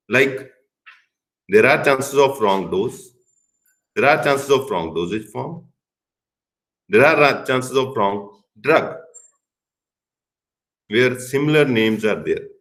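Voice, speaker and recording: A man's voice: mid-range voice, animated, slow pace, pauses often, a bit bright, low-quality recording. A middle-aged man with an Indian English accent giving a recorded pharmacy lecture, stressing key words and now and then slipping into Hindi. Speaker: pharmacy professor.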